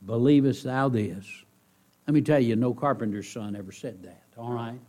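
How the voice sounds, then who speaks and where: This sermon comes from a man at a church service, his medium-pitched voice moving at normal speed. He repeats his central phrases to the congregation and shifts between loud bursts and softly spoken lines.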